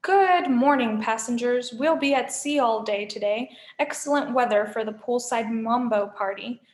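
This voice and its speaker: A woman's voice: fairly high pitch, close to an everyday voice. A woman voicing a male cruise-ship announcer who sounds far too happy over the intercom. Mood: chirpy. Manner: chirpy, slow announcing. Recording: echoey room.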